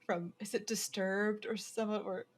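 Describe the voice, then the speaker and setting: A woman co-hosting a casual movie podcast, playful with quick reactions. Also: medium pitch, steady tone, a little hiss or hum. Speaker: podcast co-host.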